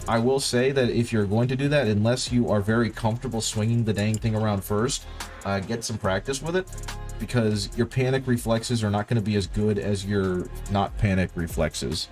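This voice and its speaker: Painting miniatures live, a man from a rural upbringing chats loosely with his audience, wandering off topic and correcting himself in a weary way. His lowish voice is a little mellow and moves at a moderate pace over faint background music.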